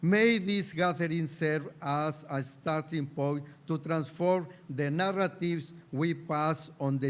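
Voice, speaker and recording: Man reading a formal speech very slowly. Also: on the high side. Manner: slow, deliberate reading. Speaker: embassy representative giving a speech.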